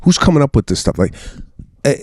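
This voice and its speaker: A comedian co-hosting a podcast, talking casually and asking rambling, incredulous questions on a studio mic. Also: male voice, medium pitch, very animated, quick pace, darkish tone, slightly rough, no room sound. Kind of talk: casual chat.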